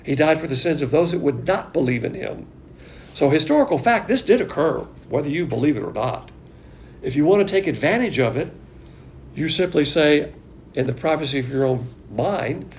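A man leads a Bible study with a gravelly, slightly higher-pitched voice that rises and falls a lot. He talks emphatically and conversationally and keeps asking rhetorical questions. A faint rumble runs underneath. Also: lively intonation, normal speed, darkish tone. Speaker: Bible teacher.

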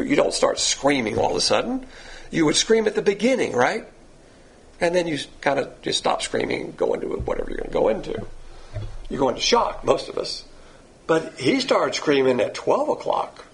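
A man's voice: a little high, creaky, slight background noise. A man preaching a sermon with an emphatic, repetitive delivery that rises and falls.

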